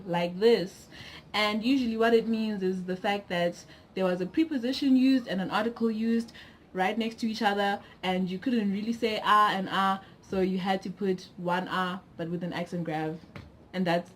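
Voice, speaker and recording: A woman's voice: medium pitch, a little hiss or hum. A woman from Zimbabwe giving a casual video lesson, chatty and explaining with examples. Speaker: language teacher YouTuber.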